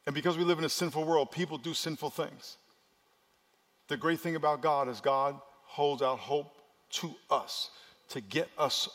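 A pastor preaches to his congregation, his voice sitting a little higher than most men's. He moves from loud, urgent stretches to hushed, intimate ones. The sound carries a long reverb from a large church hall. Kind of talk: sermon.

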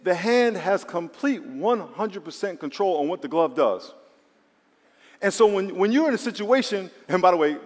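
A male preacher giving a sermon, animated and acting out quoted voices. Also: on the high side. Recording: long reverb of a hall.

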